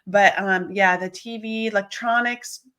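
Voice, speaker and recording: Woman host, crisp bright voice, chatty, lots of mm-hmms. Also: medium pitch, fairly even intonation, measured pace. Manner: chatty, agreeing often, laughs. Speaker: podcast host. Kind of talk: podcast interview.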